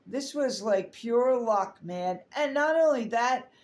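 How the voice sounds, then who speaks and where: Slow-talking tearful woman. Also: fairly high pitch, lively intonation. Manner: halting, tearful, many fillers and restarts. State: holding back tears. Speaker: artist sharing a personal story. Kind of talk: emotional personal vlog.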